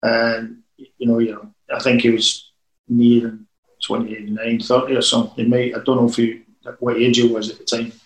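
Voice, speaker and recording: A man's voice: medium pitch, completely flat delivery, normal speed. Rambling man in an echoey room. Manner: anecdotal, rambling storyteller. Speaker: former football manager. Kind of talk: casual interview chat.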